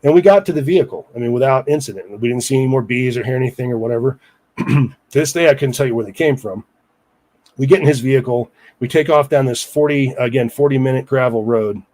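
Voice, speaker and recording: A man's voice: mid-range voice, quick pace, darkish tone. Rambling man telling a story. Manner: rambling, with many restarts and asides to listeners. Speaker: guest storyteller. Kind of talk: casual storytelling interview.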